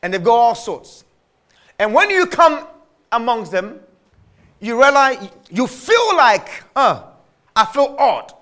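A man's voice: very high voice, sing-song, slow pace, pauses often, a bit bright. A man preaching a sermon, emphatic and repetitive, drawing out his key phrases.

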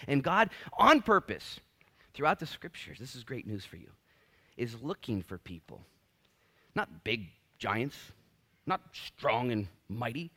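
Lively preacher, bright voice. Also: male voice, a little high, measured pace. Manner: animated, acts out voices in his stories. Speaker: pastor. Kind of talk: sermon.

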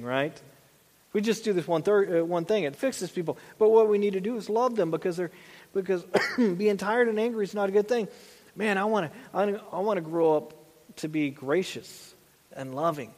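A man's voice: sits high, moderate pace, darkish tone. A man in his thirties preaching a sermon as pastor, in a conversational way with frequent asides and restarts. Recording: long church reverb.

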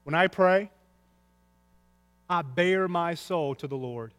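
A man preaching a sermon as pastor, swinging between soft, low lines and loud, raised cries. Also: slow pace, clean tone, in a large hall. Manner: impassioned preaching with big swings in pitch and loudness.

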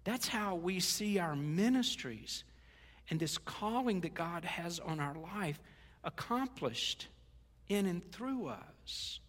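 A man's voice: sits high, animated, slow pace, a bit bright. A middle-aged male pastor preaching a sermon in a conversational, joking way, slipping into quoted asides. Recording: long hall reverb.

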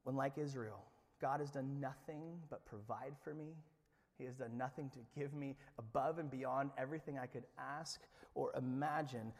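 A man preaching a sermon to a congregation, animated and conversational, swinging between loud excitement and hushed earnestness. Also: medium pitch. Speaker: pastor. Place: church sanctuary. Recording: long reverb of a church hall.

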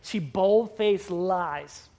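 A preacher delivering a sermon to a congregation. The delivery is emphatic, with drawn-out words and sudden loud bursts, and it is broken up by playful asides. The voice sits at a middling pitch. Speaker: pastor.

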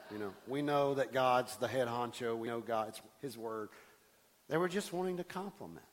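A man pastor preaching a sermon in church, animated, stumbling over restarts and acting out the voices of people he quotes. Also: mid-range voice, normal speed, big-room sound. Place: church sanctuary.

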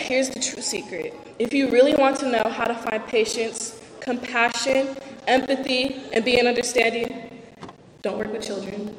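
A woman's voice: on the high side, echoey room, big-room sound, rough recording. A young woman reading out a candid, self-deprecating personal talk about faith and her own life. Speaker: speaker giving a personal testimony.

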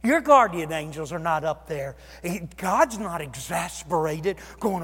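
A male pastor preaching a sermon, with dramatic swings from loud exclamations to hushed near-whispers. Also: on the high side, expressive, measured pace, husky. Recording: long reverb of a large hall.

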